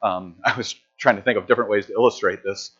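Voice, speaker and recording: A man's voice: lowish voice, fairly even intonation, fast talker, a bit bright, slightly rough. A middle-aged man preaching a sermon in a conversational, storytelling way with frequent restarts. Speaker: pastor. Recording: slightly dull lo-fi sound.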